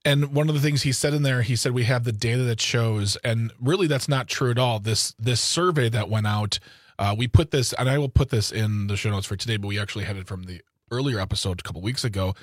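A man co-hosting a casual talk radio show from a studio, arguing his points in an animated way. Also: mid-range voice, a little fast, dry recording. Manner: animated, argumentative, many "like" fillers.

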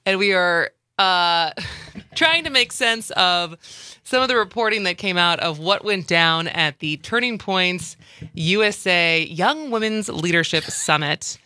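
A woman in her thirties hosts a casual chat, her voice bright and crisp against a dry, close sound. She is lively and sarcastic and laughs easily. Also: fairly low pitch, a little slow, no echo. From Midwestern US. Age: 30s. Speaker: podcast host.

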